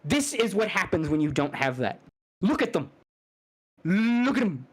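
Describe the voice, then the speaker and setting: A man co-hosting a podcast, ranting in a crude, rambling, animated way and slipping into mocking put-on voices. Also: high voice, unhurried, husky, poor audio. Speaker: podcast co-host. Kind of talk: casual podcast chat.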